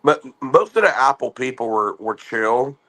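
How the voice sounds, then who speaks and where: A man's voice: mid-range voice, lively intonation, normal speed, fairly bright tone, low-quality recording. A man casually telling a profanity-laced story about his call-center work. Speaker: former call-center agent.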